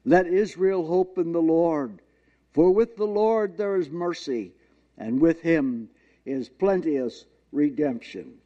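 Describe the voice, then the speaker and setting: A man preaching a sermon in an earnest, halting way, reading scripture slowly and drawing out the words. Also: fairly high pitch. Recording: dull lo-fi recording.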